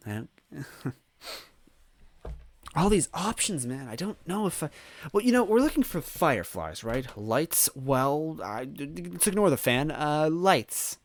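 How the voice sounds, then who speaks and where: A man hosting a let's play, reading the game's text aloud and answering it with jokes and quick laughs. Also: on the high side, no echo. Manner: animated, joking, quick laughs.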